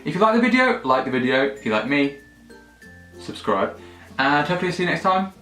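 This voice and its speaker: A young man vlogging in a casual, jokey, excitable way, swearing freely. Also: on the high side, a little fast. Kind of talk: casual direct-to-camera chat. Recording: echoey room, faint music.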